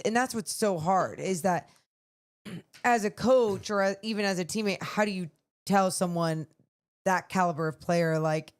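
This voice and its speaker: Woman, basketball podcast co-host, casual chat, enthusiastic, lowish pitch. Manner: enthusiastic, quick to agree.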